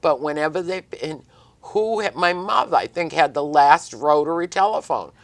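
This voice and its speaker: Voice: mid-range voice, expressive, normal speed, dry recording. Dry-sounding talk show host. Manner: friendly, rambling questions. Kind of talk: studio interview. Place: TV studio.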